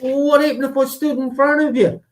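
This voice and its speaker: A man's voice: extremely high pitch, level tone, a little fast. Angry man in an echoey room. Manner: angry, insulting, blunt. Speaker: guest on a live stream.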